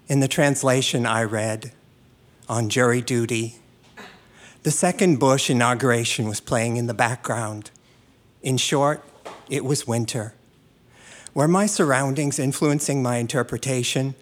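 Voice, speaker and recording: A man reading a humorous essay aloud with a dry, wry delivery. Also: mid-range voice. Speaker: essay reader.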